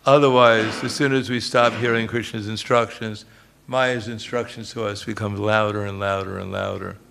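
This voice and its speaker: Gravelly-voiced man giving a humorous sermon. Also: on the low side, fairly even intonation, moderate pace, fairly bright tone, slight background noise. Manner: humorous storytelling, chuckles often. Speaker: swami giving a lecture. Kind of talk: religious lecture.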